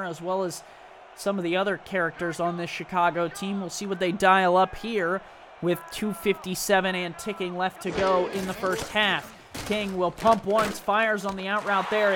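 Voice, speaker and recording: A high-pitched man calls the plays with brisk, running commentary, dropping in dry jokes between snaps. Steady noise sits under his voice throughout. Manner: brisk play calls with dry joking asides. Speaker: play-by-play commentator. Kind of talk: live esports football commentary.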